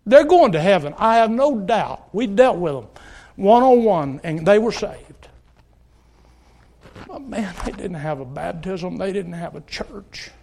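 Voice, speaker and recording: A middle-aged male preacher with a notably high voice delivers a sermon in church. He talks in an earnest, pleading way, telling stories and urging his listeners directly. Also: gravelly, darkish tone. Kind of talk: sermon with altar call. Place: church service.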